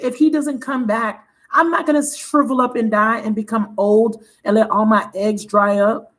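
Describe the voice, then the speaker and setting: A woman's voice: a little high, poor audio. A woman hosting a tarot livestream, talking frankly and animatedly, swearing freely and laughing often. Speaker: tarot reader and channel host. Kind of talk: candid livestream chat.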